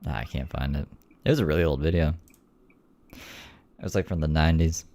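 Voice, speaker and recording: A man's voice: rumbling low, a little fast, a little mellow. A man hosting a reaction video, giving casual commentary with sarcastic, wry asides.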